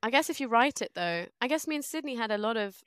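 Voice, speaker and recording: A woman's voice: on the high side, lively intonation, fast talker, a bit bright, clear, resonant tone, no room sound, studio quality. A British woman, a guest on a podcast, chatting casually and playfully, often laughing. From Britain. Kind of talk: casual chat.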